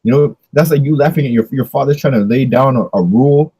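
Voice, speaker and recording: Man, discussion leader, casual preachy delivery with rhetorical questions, mellow husky tone. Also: medium pitch, fast, dry recording, poor audio.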